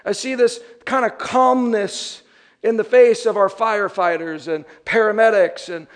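A man's voice: sits high, a little slow. A young adult man, a pastor, preaching a sermon and acting out the voices of people he describes. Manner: animated, acts out quoted voices.

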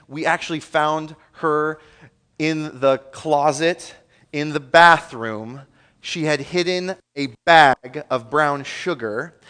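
A man in his thirties preaching a sermon from a church stage. He tells a family story with earnest, excitable energy and laughter. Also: fairly high pitch.

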